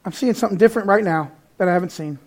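High-voiced, animated man preaching. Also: very fast. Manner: animated, conversational preaching with sudden loud peaks and quiet asides. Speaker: pastor. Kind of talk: sermon.

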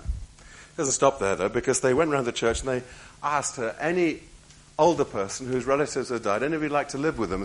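A man preaches a sermon in a mid-pitched voice. He swings between raised, emphatic lines and hushed, near-whispered stretches, and he repeats his key phrases for weight. Faint ambient noise sits under his voice. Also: poor audio.

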